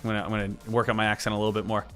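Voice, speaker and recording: A man's voice: on the low side, flat delivery, very fast, fairly bright tone, soft background music. A man hosting a live stock trading stream, chatty and upbeat, repeating himself and calling viewers "team". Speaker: stock trading livestream host.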